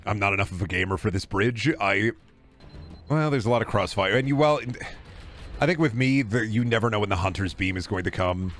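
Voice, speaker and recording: A man's voice: on the low side, animated, fairly quick, faint music behind. Swearing, jokey male game streamer. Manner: profane, jokey rambling with sudden loud outbursts. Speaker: streamer playing a shooter game. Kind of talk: casual gameplay commentary.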